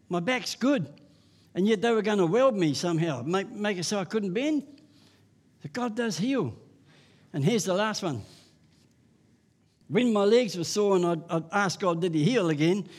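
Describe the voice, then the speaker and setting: A man preaching a sermon. He mixes scripture with homespun personal stories and often chuckles at his own tales. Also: high-pitched. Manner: folksy storytelling, chuckling at himself.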